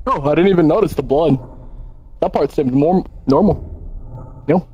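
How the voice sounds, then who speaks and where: A somewhat high-voiced man gaming with friends, scolding them and repeating his words. A faint hiss sits behind him. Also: darkish tone, dull audio. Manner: quick to scold, repeats himself. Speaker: VRChat player. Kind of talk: casual gaming banter.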